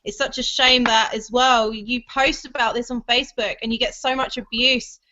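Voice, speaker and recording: A woman's voice: fairly high pitch, steady tone, moderate pace, sharp tone. A woman in casual chat, earnest and sympathetic. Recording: dull lo-fi sound.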